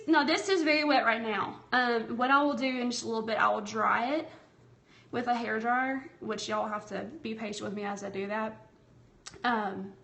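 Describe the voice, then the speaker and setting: Chatty Southern woman with a higher voice. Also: a bit bright. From Tennessee, US South. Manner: chatty and friendly, calls viewers y'all, talks while working. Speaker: craft livestream host. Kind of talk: casual live tutorial, reading viewer comments. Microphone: tablet streaming app.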